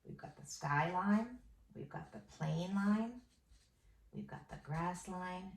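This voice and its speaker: A young adult woman teaching a first grade phonics lesson, encouraging and sing-song, stretching out sentences slowly as she dictates them. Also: on the low side, creaky, a little hiss or hum. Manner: slow, drawn-out dictation of sentences. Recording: echoey room.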